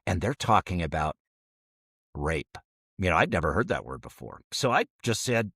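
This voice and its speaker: A man's voice: on the low side, expressive, moderate pace, fairly bright tone, no room sound, studio quality. A middle-aged man co-hosting a podcast, telling a story casually and acting out the quoted voices. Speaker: podcast co-host.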